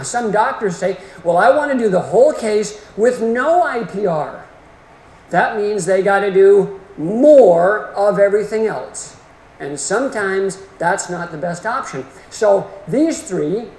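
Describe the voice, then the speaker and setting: A man's voice: high voice, darkish tone. A middle-aged man giving a continuing-education lecture, folksy and emphatic in manner. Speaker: orthodontic lecturer. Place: lecture hall. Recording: echoey hall with faint room noise.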